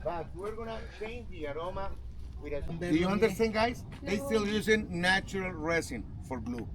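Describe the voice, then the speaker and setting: A man's voice: high-pitched, lively intonation, normal speed. A man guiding a group outdoors, explaining things to visitors. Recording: distant voice with crowd noise.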